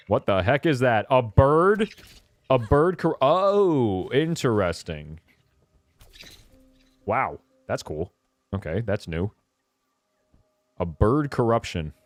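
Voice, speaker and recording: A young man talks over his gameplay in a loose, chatty way, his voice middle-pitched but swinging widely when he gets excited. He cuts himself off, laughs, and jumps into high squeals. Faint game music plays underneath. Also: a little slow, pauses often, dry recording. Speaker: streamer. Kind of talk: casual gameplay commentary.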